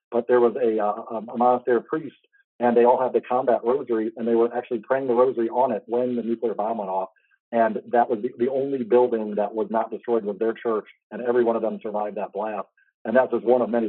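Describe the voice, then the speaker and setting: A man's voice: mid-range voice, no echo. A man hosting an interview, telling a personal faith story in an earnest, rambling way. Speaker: host. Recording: tinny phone-like line, dry.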